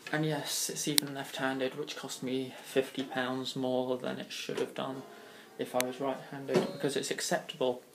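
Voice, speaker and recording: Heavy background noise surrounds a young man from Kingston upon Thames who speaks in a southeast English accent, barely pausing as he rattles through a vlogger's question tag. His mid-range voice is creaky and completely flat, at normal speed, and his answers are dry, sarcastic and meandering.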